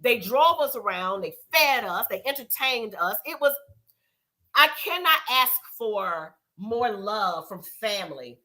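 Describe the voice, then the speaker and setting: Middle-aged woman host, chatty and sassy, very animated intonation. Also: on the high side, unhurried. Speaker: show host. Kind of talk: casual live recap show.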